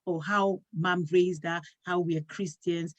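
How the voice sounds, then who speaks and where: A woman's voice: fairly low pitch, steady tone, measured pace. A middle-aged woman hosting a talk show, telling a personal story in earnest and acting out what was said. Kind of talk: casual talk show conversation.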